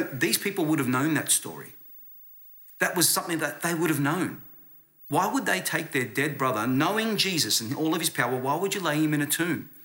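A pastor with a medium-pitched, bright voice and a forceful tone preaches a sermon. He's earnest and conversational, often restarting his words.

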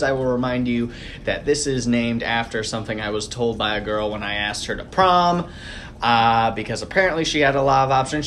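A man's voice: mid-range voice, normal speed, a bit bright, a little hiss or hum. A man hosting a podcast in a casual chat, telling rambling self-deprecating stories full of fillers. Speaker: podcast host.

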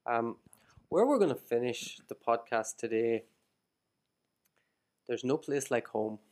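An Irish man hosting a casual podcast, talking in an animated way and reading passages aloud with emphasis. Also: mid-range voice, takes it slowly. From Ireland. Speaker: podcast host.

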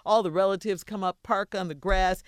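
A man hosts a radio show, reading a listener's letter in an even, smooth delivery. His voice is resonant. The studio sound is dry and close. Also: high voice, normal speed, no echo.

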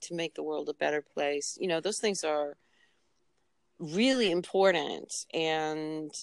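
A woman talking as a podcast guest over a remote call, reflective and halting, with many restarts. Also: low voice, no echo. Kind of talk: casual interview conversation.

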